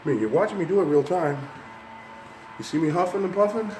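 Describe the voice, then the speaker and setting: This older fitness vlogger talks fast in a warm, high-pitched voice over soft background music. Climbing stairs and a little winded, he cheerfully coaxes viewers straight to camera.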